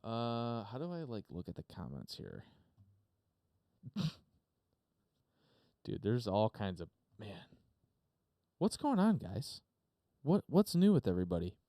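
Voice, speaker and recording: A man's voice: on the low side, huge pitch swings, unhurried, long pauses, mellow, no room sound. A man hosting a podcast, chatting unscripted on a live stream from his home studio, rambling with lots of fillers and casual swearing. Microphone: desk mic through a mixer.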